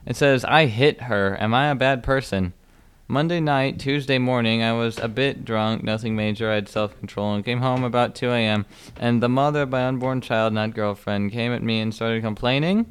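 Deadpan young man reading aloud. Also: mid-range voice, brisk, hardly any pauses, smooth. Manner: deadpan reading, mock-urgent. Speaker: host. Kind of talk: comedy podcast.

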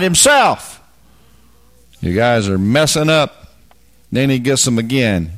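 A man preaching a Bible teaching, folksy and emphatic, dropping into quiet asides and then rising to loud, fervent bursts. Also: mid-range voice, sing-song, measured pace, pauses often.

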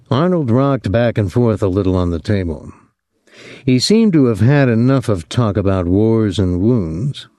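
A man narrating a novel in a calm, measured voice. His voice sits low and mellow. The dry, close recording has no room sound. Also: dry recording. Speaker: audiobook narrator. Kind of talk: scripted narration.

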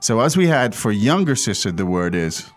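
A man's voice: fairly low pitch, sing-song, moderate pace, faint music behind. A man hosting a language-lesson podcast, who explains patiently and keeps checking in with his co-host. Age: adult father.

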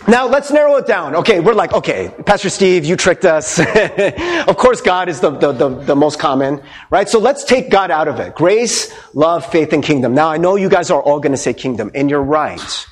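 A man preaching a sermon as pastor, playful and animated, asking the congregation many questions. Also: fairly high pitch, moderate pace, slightly rough.

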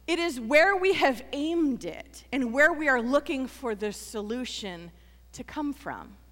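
A fairly high-voiced woman pastor delivers a sermon in a church, her voice trailing off into a long hall reverb. She talks earnestly to the congregation, pressing points with repetition and then easing down to a hushed, intimate tone. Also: lively intonation, unhurried. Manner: earnest, building to emphatic repetition then dropping soft.

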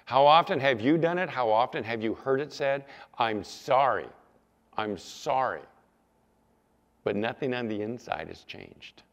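A male pastor preaching a sermon, animated, sometimes mimicking whiny apologies in a raised voice. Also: mid-range voice, normal speed, hardly any pauses, muffled recording. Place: church sanctuary. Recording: long church reverb.

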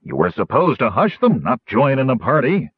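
A man voicing a grumpy old male innkeeper who scolds loudly. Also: mid-range voice, huge pitch swings, moderate pace, slightly rough, no room sound, pitched above the performer's own voice. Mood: scolding. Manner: loud, growling scolding. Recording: tinny phone-like audiobook recording.

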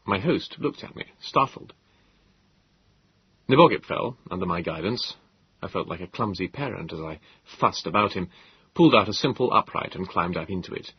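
A man narrating an audiobook in a measured, expressive storytelling manner. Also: low-pitched, breathy edge, no echo, muffled recording. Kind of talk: scripted narration.

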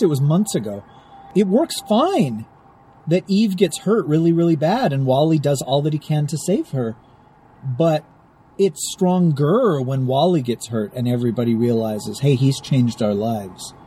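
A man co-hosting a casual podcast, joking and playful, with a husky voice. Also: on the high side, animated, normal speed, dark tone. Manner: jokey, playful. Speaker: podcast co-host. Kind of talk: casual chat.

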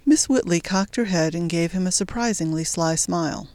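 A woman narrating a short story in a measured, even reading voice. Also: lowish voice, no echo.

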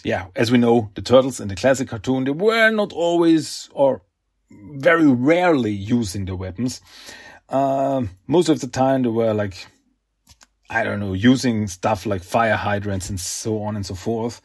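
A man's voice: mid-range voice, moderate pace. A man hosting a podcast, recapping a comic book in a casual, rambling way. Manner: rambling with many uhs and restarts. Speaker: podcast host.

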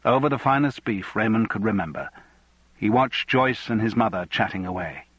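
A man reading a novel aloud as audiobook narrator, measured and even. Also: fairly low pitch, breathy edge, no echo, highs cut off. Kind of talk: scripted narration.

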